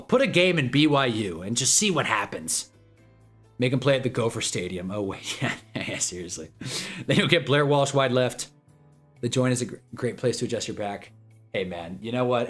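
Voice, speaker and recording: A man's voice: mid-range voice, a bit bright. A man hosting a casual livestream watch-along, rambling and joking and laughing often. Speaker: livestream host.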